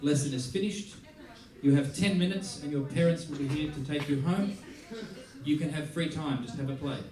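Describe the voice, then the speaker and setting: A man's voice: fairly high pitch, moderate pace, crowd noise. A man with an Australian accent giving a masterclass talk, telling stories animatedly, acting out what people said and laughing often. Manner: animated storyteller, acts out quotes, laughs often. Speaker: musician teaching a masterclass. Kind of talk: anecdote-driven talk to an audience. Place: large theater hall. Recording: echoey hall, voice from far off.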